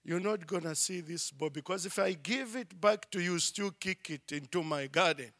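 A man voicing a huge, gruff man who keeps a boy's ball and answers curtly. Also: high voice, normal speed, fairly bright tone, no room sound, clean studio sound. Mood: dismissive. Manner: curt and dismissive. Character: huge tall gruff man guarding his garden.

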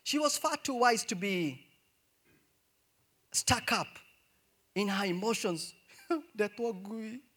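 A male pastor preaching a sermon in an animated way, moving between hushed asides and loud, emphatic cries. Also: high-pitched, slow pace, long pauses.

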